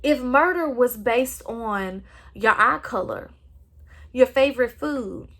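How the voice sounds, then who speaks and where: A woman's voice: fairly high pitch, takes it slowly, fairly bright tone. A woman with a Texan accent, hosting a solo podcast and speaking earnestly and with passion. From Southeast Texas. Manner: impassioned, earnest. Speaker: podcast host. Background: no other speakers or sounds.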